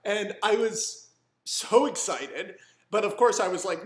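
A young man, a screenwriter, telling a story in a rambling, animated and profane way. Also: sits high, a little slow. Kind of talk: casual storytelling monologue. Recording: roomy echo.

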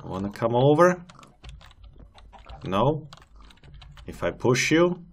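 A man's voice: mid-range voice, very animated, slow pace. A man giving casual gameplay commentary as a channel host, chatty and amused as he coaxes animals along.

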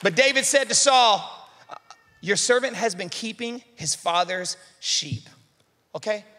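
A man's voice: sits high, lively intonation, unhurried, bright, forceful tone, some chatter behind, a little hiss or hum. A male pastor preaching a sermon, exhorting the congregation in a fervent, conversational way that builds to emphatic peaks. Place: church hall. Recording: live sermon in a reverberant church hall.

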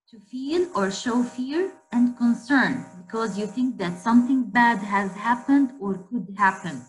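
Slow, repetitive woman teacher. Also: fairly high pitch, expressive, low-quality recording. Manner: repeats words slowly and emphatically, asks class questions. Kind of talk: classroom spelling lesson.

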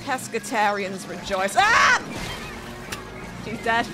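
A woman's voice: on the high side, expressive, moderate pace, poor audio. A woman streaming a game, chatting playfully as she plays, laughing often and cursing at the screen. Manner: playful, giggly, swears often. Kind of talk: casual gameplay commentary. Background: game music.

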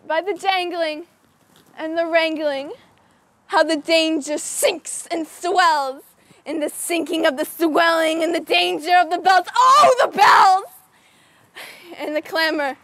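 High-voiced woman reciting verse slowly. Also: fairly bright tone, dry recording. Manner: theatrical, building to cries on the refrains. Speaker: student performer. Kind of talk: dramatic poetry recitation.

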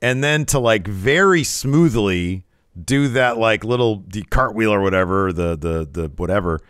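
A man with a low, deep voice chatting casually as a podcast co-host, breaking into laughter and riffing on jokes as he recaps matches. The recording is dry and close, with no room sound. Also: a little slow, smooth, dry recording. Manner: laughs often, animated and joking. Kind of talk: casual wrestling recap chat.

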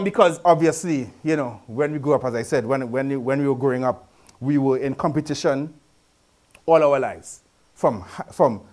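A man preaching a sermon in a lively, conversational way, with rhetorical questions, repetition and humorous asides in local speech. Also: high voice.

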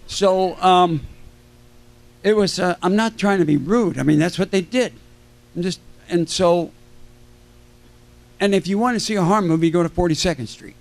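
Older man spinning lively stories. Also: high-pitched, normal speed, vocal fry, long pauses. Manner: animated anecdotes, acting out quoted voices. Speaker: convention panel guest. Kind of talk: storytelling to a live audience. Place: convention stage.

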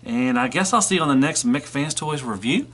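A man's voice: fairly high pitch, expressive, normal speed, fairly bright tone. A man giving a casual toy review, rambling and filling gaps with "you know".

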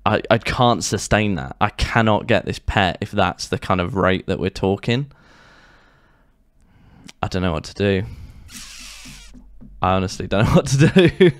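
A man's voice: fairly low pitch, clear, resonant tone. A man giving casual gameplay commentary, swearing and ranting in exasperation. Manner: frustrated, swearing, exasperated rants. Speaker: gaming YouTuber.

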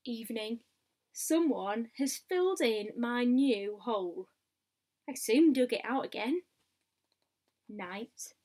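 Slow, high-voiced woman reading a storybook. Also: expressive, dark tone. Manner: unhurried diary-style reading with asides to the listener. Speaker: storybook reader. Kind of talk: reading a picture book aloud.

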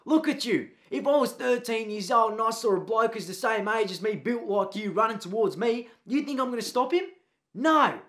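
Comedy sketch: man putting on a pushy Australian gym teacher, loud, high, blunt, mate in every line. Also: expressive, normal speed. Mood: gung-ho coaching.

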